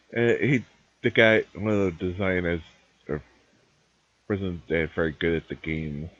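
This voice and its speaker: A man's voice: low voice, slow pace, long pauses, fairly bright tone, no room sound. A man streaming live, chatting casually and rambling through opinions while he games. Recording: dull lo-fi dry stream mic.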